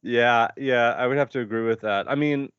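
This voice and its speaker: Animated, laughing podcast host. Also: male voice, mid-range voice, normal speed, clear, resonant tone, no echo, highs cut off. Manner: animated, laughing, restarts often. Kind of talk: casual podcast chat.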